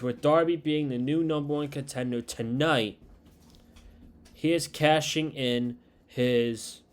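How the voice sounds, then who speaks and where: A man casually recapping a wrestling show, retelling scenes and quoting lines in a slow, unhurried way. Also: medium pitch.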